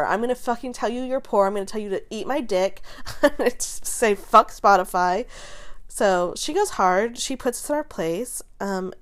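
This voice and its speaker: A young woman hosts a casual pop-culture rant show, her mid-range voice neither high nor low. She talks fast and animated, swearing freely and laughing often between sarcastic asides. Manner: quick, animated rants. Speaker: host.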